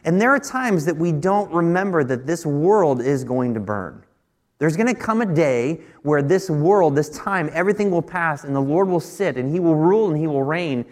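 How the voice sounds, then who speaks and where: A man's voice: animated, moderate pace. A man in his thirties preaching at a midweek church service, telling a personal story in a conversational way and often restarting his words. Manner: rises in pitch and force when pressing a point. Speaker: pastor. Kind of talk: sermon.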